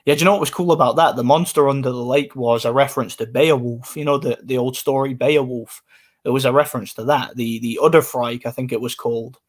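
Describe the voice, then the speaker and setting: A man's voice: medium pitch, fairly even intonation, fast talker. A man, casually chatting on a live stream and answering comments in a rambling way. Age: 20s.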